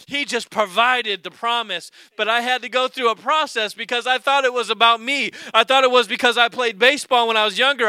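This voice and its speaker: A man's voice: high-pitched, bright, forceful tone, clear, resonant tone, no room sound. A middle-aged man preaching a sermon, telling a story with animation and acting out the voices of people in it. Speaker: pastor.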